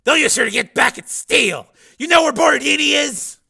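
A man reading a crime novel aloud, voicing a gruff, urgent police chief who barks his lines. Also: very high voice, lively intonation, fairly quick, sharp tone, voice pushed up, heavily acted. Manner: barking, urgent. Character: frantic, gruff male police strike force chief.

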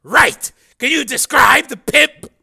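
A man reading a crime novel aloud, voicing a gruff, urgent police chief who barks his lines. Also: extremely high pitch, slow, sharp tone, pitched above the performer's own voice, heavily acted. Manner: barking, urgent. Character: frantic, gruff male police strike force chief.

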